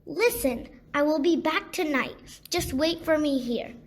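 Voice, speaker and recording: A woman's voice: high-pitched, a little slow. A woman voicing a young girl in a children's storybook, speaking firmly and earnestly. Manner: firm, earnest. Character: little girl, firm but kind.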